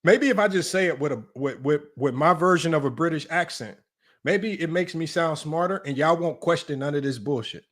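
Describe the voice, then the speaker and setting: Man, fairly high voice, sports debate stream host, emphatic, repetitive, argumentative. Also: animated, brisk. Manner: emphatic, repetitive, keeps asking "right?". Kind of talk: livestream sports commentary.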